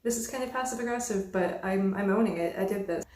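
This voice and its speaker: A young woman vlogger telling a storytime about a bad roommate, exasperated and animated, swearing freely. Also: medium pitch, fast. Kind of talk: casual storytime monologue. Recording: roomy echo.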